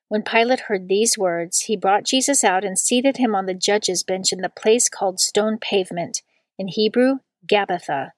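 A woman giving a steady, measured scripture reading. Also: medium pitch, no room sound.

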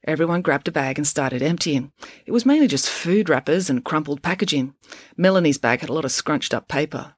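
A woman reads a children's chapter book aloud with expressive storytelling. Her voice is on the low side and lively in pitch, recorded close and dry with no room sound. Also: fairly quick, no room sound. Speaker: audiobook reader.

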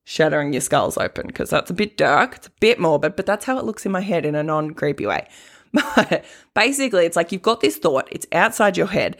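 A woman coach chats her way through a casual podcast monologue, laughing easily and peppering her talk with "like". Her voice sits a touch low for a woman. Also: expressive, brisk. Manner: chatty, laughs often, many "like" fillers.

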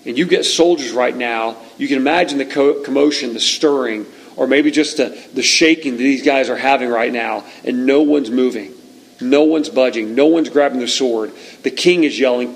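Guy preaching a sermon, gets really into the story, acts out the shouting bits. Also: mid-range voice, poor audio. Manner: animated storytelling, reads scripture aloud, acts out shouts. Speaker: pastor.

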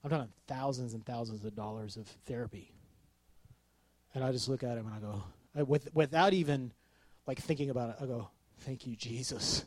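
A man preaching through a personal story, self-mocking and animated, often getting loud and excited. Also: mid-range voice, fairly quick, no room sound. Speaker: pastor. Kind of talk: sermon storytelling.

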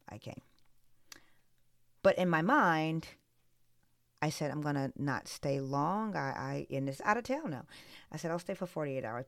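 A woman hosting a podcast, telling a personal story in an animated way and chuckling now and then. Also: deep voice, no echo. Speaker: podcast host. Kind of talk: conversational podcast monologue.

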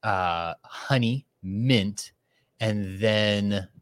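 A man's voice: fairly low pitch, very slow, dry recording, studio quality. A man in casual chat, laid-back and joking, on a live show.

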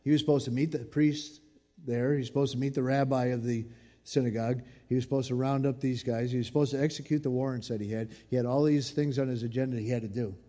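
A man preaching a sermon in an expressive, conversational way. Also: mid-range voice, fast talker. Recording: long reverb in a large hall.

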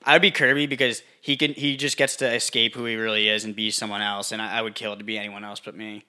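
Young male podcast co-host, sharp bright tone, deadpan self-mocking humor. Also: lowish voice, fast talker, clear, resonant tone. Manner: deadpan, self-deprecating jokes. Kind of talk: casual crude banter.

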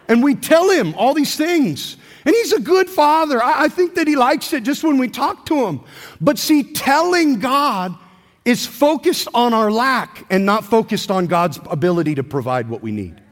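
A man's voice: extremely high pitch, very animated, moderate pace, in a large hall. A man in his thirties, a pastor preaching a sermon with call-and-response to his church.

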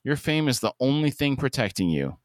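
A man's voice: mid-range voice, big pitch swings, brisk, no room sound, studio quality, pitched above the performer's own voice, close to an everyday voice. A man voicing an arrogant, menacing superhero while reading a scene.

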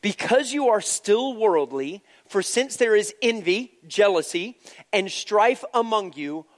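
A man preaching a sermon, telling a family story with lively acted-out voices and dropping to a hushed tone for serious points. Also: sits high, slow pace. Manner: animated storyteller, swings from hushed to loud. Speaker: pastor.

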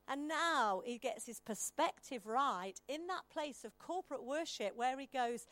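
A woman's voice: high voice, lively intonation, measured pace, few pauses, fairly bright tone, dry recording. A woman preaching a sermon, reading long scripture passages aloud and stopping to explain them to the congregation.

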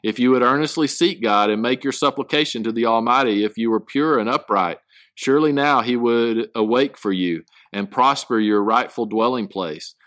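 A man's voice: medium pitch, a bit bright, no echo. Man teaching a casual Bible study. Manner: reads scripture aloud then explains it in halting casual speech.

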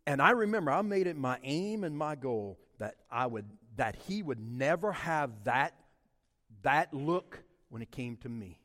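A middle-aged man from Louisiana preaching a sermon and telling personal stories, swinging from quiet, low passages to loud, passionate peaks. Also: animated, a little slow, big-room sound.

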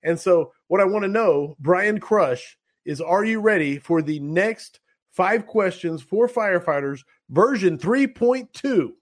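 A man hosting a podcast, running a playful quiz with his guest in casual chat. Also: sits high. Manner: playful, quick quiz-show banter. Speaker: podcast host.

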